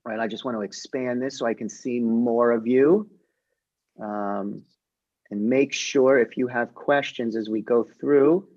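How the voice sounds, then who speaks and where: A young man, a rabbi, teaching a casual online class and retelling a story in a joking, lively way. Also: mid-range voice, highs cut off. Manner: lively, jokey retelling with voiced characters. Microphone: video call.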